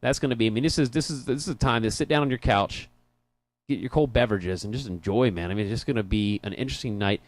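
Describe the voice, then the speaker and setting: A man with a medium-pitched voice and quick delivery co-hosts a soccer talk show, recorded on headphones in a studio. The sports chat is casual, with frequent laughs and rambling restarts.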